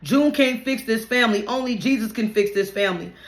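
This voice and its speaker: A woman's voice: a little high, a little fast. A woman reading her own memoir aloud in a plain conversational way, with some restarts and slips. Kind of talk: memoir narration, read aloud. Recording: roomy, echoey room.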